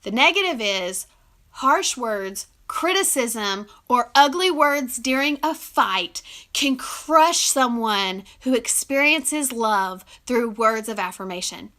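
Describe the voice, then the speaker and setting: A young woman talks straight to the camera about love and kindness in an earnest, heartfelt way. Her voice sits high and rings bright, and she giggles often and gets teary at times. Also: lively intonation, slow. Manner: warm, emotional, giggly, earnest. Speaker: relationship advice vlogger. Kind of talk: casual heartfelt talk to camera.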